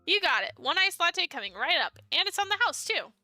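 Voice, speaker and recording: A bashful young barista in a dating sim game, as a woman reads him aloud, apologetic and eager to please. His voice sits high and very bright, with a dry, close sound. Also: very animated, a little fast, no room sound, faint music behind, full character voice. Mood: friendly. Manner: shy, apologetic. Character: nervous young male barista.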